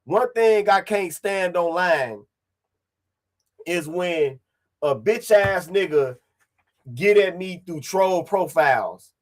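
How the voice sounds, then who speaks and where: A man's voice: high-pitched, lively intonation, slow, pauses often. A man streaming online, ranting casually in a profane, confrontational way and repeating his points.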